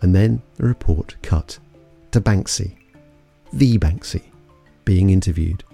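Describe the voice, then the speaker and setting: Low, mellow male storyteller. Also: a little slow, gravelly, soft background music. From London. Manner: suspenseful storytelling. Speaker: podcast narrator. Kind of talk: scripted investigative narration.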